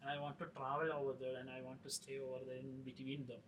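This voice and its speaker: A middle-aged man, a film director talking in an interview, halting with many fillers and restarts. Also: medium pitch, monotone. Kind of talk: casual interview talk. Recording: distant mic with faint noise.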